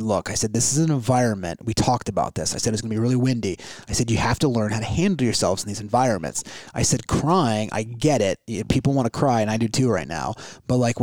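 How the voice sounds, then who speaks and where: Fast-talking man telling a story. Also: mid-range voice, dry recording. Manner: rambling, animated retelling with many restarts. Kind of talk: casual storytelling.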